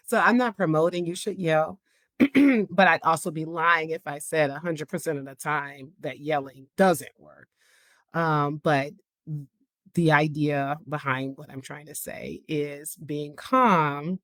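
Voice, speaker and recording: A woman's voice: low voice, unhurried, a bit bright, dry recording, clean studio sound. A woman psychiatrist hosting a podcast, talking candidly and casually, with plenty of "like" and "you know.". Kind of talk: casual podcast talk on parenting.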